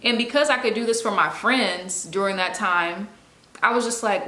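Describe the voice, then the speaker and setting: A woman's voice: medium pitch, normal speed, bright, forceful tone, reverberant. A young woman talking to camera in a casual, candid way, using slang and speaking expressively. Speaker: video host. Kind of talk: casual confessional talk to camera.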